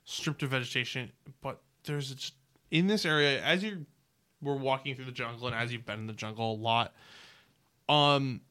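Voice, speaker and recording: A man narrating a tabletop game as game master, describing scenes in a relaxed way with fillers and pauses. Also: mid-range voice.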